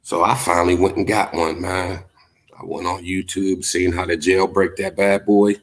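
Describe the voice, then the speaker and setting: A man's voice: sits low, level tone, moderate pace. A man hosting a livestream, chatting casually, telling stories and reading comments, laid-back and profane with lots of filler words. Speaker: livestream host.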